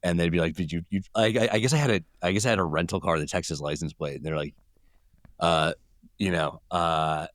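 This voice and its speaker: A man's voice: sits low, fairly even intonation, a little fast, dry recording, clean studio sound. A male journalist from California with a Californian accent, rambling as a guest and acting out people he met. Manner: rambling, acts out quoted people. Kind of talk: casual interview talk.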